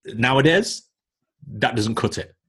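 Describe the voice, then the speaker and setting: A coaching business mentor from Northern England, appearing as a guest on a casual podcast, bluntly explains his views and lectures with examples. His mid-range voice is expressive, a bit bright and slightly rough, at a measured pace.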